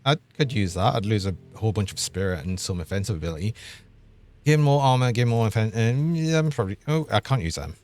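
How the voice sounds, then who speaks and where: A man's voice: lowish voice, animated, fast talker, a little mellow. A young man, chatting and laughing as he streams a game. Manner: chatty, laughs often, thinks aloud. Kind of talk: live gameplay commentary.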